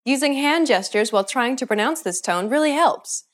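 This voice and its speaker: Woman teacher, higher voice, lively pitch, clear measured scripted delivery. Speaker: language teacher. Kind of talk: scripted lesson narration.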